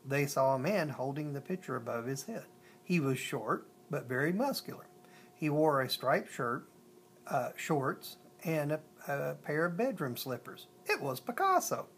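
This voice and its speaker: A storyteller reads a children's picture book aloud at an uneven pace, often stumbling and restarting. They slow right down through long lists. The voice sits in a middle pitch, and a faint hum with a low rumble runs underneath. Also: big pitch swings.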